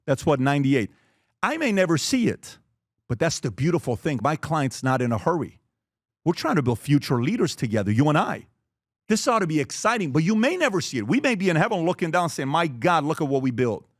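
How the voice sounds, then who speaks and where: A man's voice: on the high side, big pitch swings, a little fast, no room sound, studio quality. A man in his forties giving an earnest motivational talk on fatherhood and asking the audience questions. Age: 40s. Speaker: speaker.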